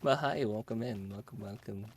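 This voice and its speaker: A man's voice: fairly low pitch, normal speed, a little hiss or hum. A man streaming a game, chatting and joking casually with his chat and laughing often.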